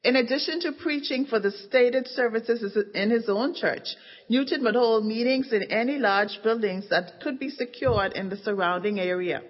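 A woman narrating a story with measured, dramatic emphasis, in a dull recording of an echoing hall. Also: a little high. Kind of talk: scripted narration. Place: church event stage.

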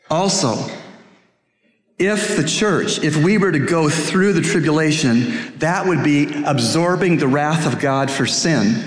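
A male pastor preaching a sermon in an earnest, emphatic way. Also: medium pitch. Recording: echoey hall with faint music.

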